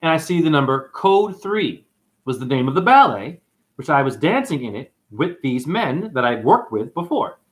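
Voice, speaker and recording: Speaking at an ordinary speed in a fairly high pitch, a man runs a livestream. He's a rambling, excitable storyteller who reacts to comments and curses openly.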